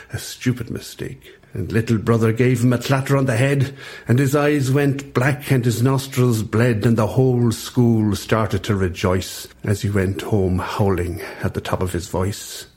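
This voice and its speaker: A man's voice: mid-range voice, darkish tone. A man with an Irish accent, a poet and priest, reading his comic verse with a playful, rhythmic delivery. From Ireland.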